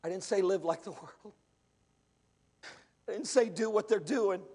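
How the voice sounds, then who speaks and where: A male pastor preaching an impassioned sermon in church, rising to shouts and calling out to the congregation. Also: sits high, measured pace, breathy edge.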